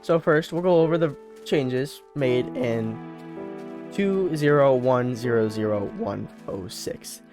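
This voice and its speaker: A young man talks through a gameplay video in an easygoing, meandering way, often stumbling and correcting himself as he goes. His voice sits at an ordinary middle pitch, with faint music playing underneath. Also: animated, takes it slowly. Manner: rambling, self-correcting, repeats words. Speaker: let's play host. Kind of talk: casual gameplay commentary.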